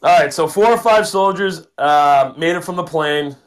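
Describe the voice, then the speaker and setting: A chatty man co-hosting a relaxed movie discussion, his voice sitting a little on the high side. He laughs easily and talks his way through his notes. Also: normal speed. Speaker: podcast co-host. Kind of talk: casual movie review chat.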